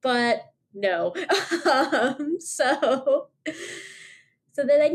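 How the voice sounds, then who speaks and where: A woman hosts a podcast in relaxed conversation, retelling scenes with lots of energy and breaking into laughter often. Her voice sits fairly high, and she slips into character voices as she goes. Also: extremely slow. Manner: animated storytelling, acting out characters, laughs often. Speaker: podcast host. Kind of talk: casual chat.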